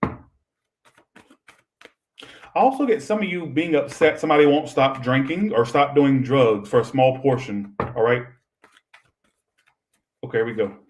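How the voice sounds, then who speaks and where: A man's voice: medium pitch, measured pace, long pauses, low-quality recording. Young male tarot reader on a live stream: chatty and rambling, swears freely, ordinary mid-range voice.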